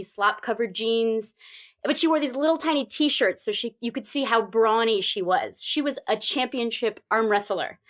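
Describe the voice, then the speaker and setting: A woman tells a true story aloud with lots of animation, her voice already high and jumping higher still as the tension builds. She repeats phrases for rhythm and pushes the pace when things get tense. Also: a bit bright. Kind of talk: live personal storytelling.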